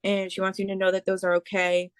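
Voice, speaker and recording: A woman giving a spiritual reading as a medium, speaking haltingly with many fillers and restarts. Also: mid-range voice, monotone, smooth, no room sound. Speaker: psychic medium.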